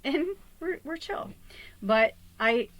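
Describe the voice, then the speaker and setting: A woman's voice: high-pitched, animated, takes it slowly, fairly bright tone, low-quality recording. A woman who works as a psychic medium, talking to her viewers from home in a rambling, candid way, swearing and laughing often. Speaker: psychic medium and card reader. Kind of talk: casual rambling talk to viewers.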